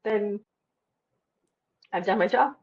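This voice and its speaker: A woman guest in a casual interview, talking in an animated, emphatic way and swearing casually. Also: medium pitch, slow, dull audio.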